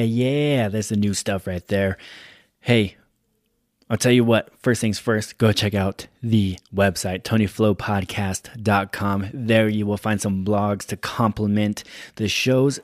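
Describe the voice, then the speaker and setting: A man's voice: on the low side, takes it slowly, dry recording, clean studio sound. A man hosting a motivational podcast, talking energetically and hyping up his listeners. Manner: energetic, hype, pumps up the listener. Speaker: podcast host.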